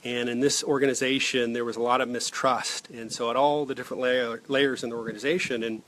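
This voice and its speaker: A man's voice: mid-range voice, little pitch movement, brisk, a bit bright. Earnest rambling male coach. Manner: rambling, earnest, many fillers and restarts. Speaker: leadership coach. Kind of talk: casual direct-to-camera vlog.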